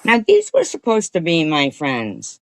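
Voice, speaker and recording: Slow, indignant woman livestreamer. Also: deep voice, wildly swooping pitch, no echo. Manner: indignant, profane, rambling. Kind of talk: commentary livestream.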